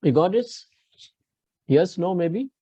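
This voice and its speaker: A man's voice: high-pitched, expressive, husky, no room sound, highs cut off. A man with an Indian English accent teaching pronunciation in a live online class, explaining step by step and checking in with his students. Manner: explains slowly with frequent restarts, checks understanding with students.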